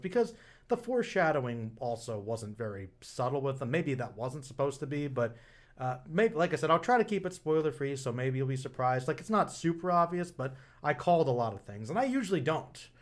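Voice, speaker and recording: A young man talks through a film review in a loose, casual way, trailing off and restarting his sentences often. His voice sits at an ordinary middle pitch, and he leans on fillers as he thinks aloud. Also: expressive, brisk. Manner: rambling, many fillers and restarts.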